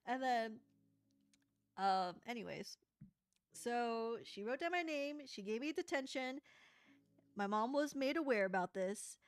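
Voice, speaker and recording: A young adult woman livestreaming as she crafts, telling a story in a rambling, animated way with laughs. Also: sits high, measured pace, dry recording. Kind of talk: casual live-stream chat while crafting.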